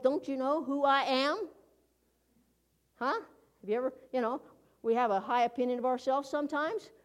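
A woman with a high voice and a darkish tone preaches a conversational sermon in a folksy way. She often asks her listeners rhetorical questions.

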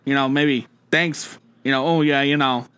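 A man's voice: mid-range voice, fairly even intonation, moderate pace, fairly bright tone, clear, resonant tone. A young man co-hosting a podcast, chatting in a laid-back way, laughing often and trailing off with fillers. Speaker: podcast co-host. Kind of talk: casual chat.

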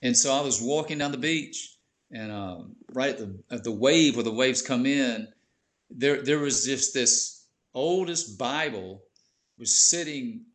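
A man's voice: mid-range voice, measured pace, fairly bright tone. A man, a bishop, telling his faith story on a podcast in an earnest, heartfelt way, often saying "man". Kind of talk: emotional testimony in casual chat.

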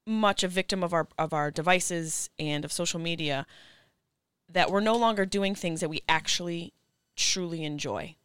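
A woman's voice: on the low side, normal speed, fairly bright tone, smooth, dry recording, studio quality. A woman guest on a podcast, talking in an earnest, reflective and emphatic way. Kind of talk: casual chat.

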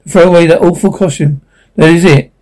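A man's voice: fairly high pitch, fairly even intonation, fairly quick, dark tone, natural voice, low-quality recording. An actor playing a stern, protective middle-aged father who talks firmly in a TV drama. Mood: stern scolding. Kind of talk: TV drama acting.

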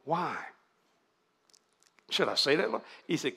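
An older man, preaching at a revival, moving from fervent shouted prayer to folksy storytelling. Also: fairly high pitch, very animated, takes it slowly, vocal fry. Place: church sanctuary.

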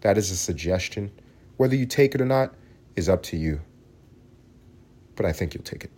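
A man with a low, husky voice rants through his own comedy podcast, animated, cursing and slipping into voices for the people he talks about. His pitch jumps up as he gets worked up. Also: moderate pace. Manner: animated ranting, swearing, acts out voices. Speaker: podcast host. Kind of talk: solo comedic rant.

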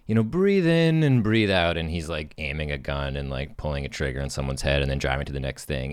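Deep smooth-voiced guy chatting. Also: dry recording, clean studio sound. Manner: relaxed, thoughtful, casual swearing. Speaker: podcast co-host. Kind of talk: casual brainstorming chat.

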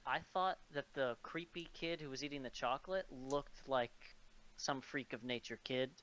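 A man's voice: mid-range voice, normal speed, a bit bright, poor audio. A young man co-hosting a podcast, rambling and irreverent in casual chat, swearing freely. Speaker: podcast co-host.

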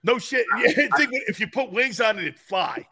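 A man co-hosting a casual sports talk show, telling profane stories and laughing loudly. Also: high-pitched, normal speed, slightly rough. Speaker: co-host. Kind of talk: casual sports radio chat.

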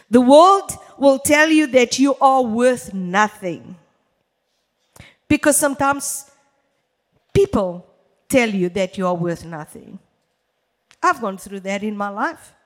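A woman preaching a church sermon in an emphatic, deliberate way, speaking straight to her congregation. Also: high-pitched, expressive. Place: church hall. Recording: long hall reverb.

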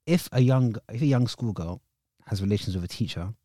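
A man's voice: lowish voice, fairly quick, mellow, no echo, studio quality. A young man, co-hosting a podcast and earnestly arguing his point in casual chat. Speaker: podcast co-host.

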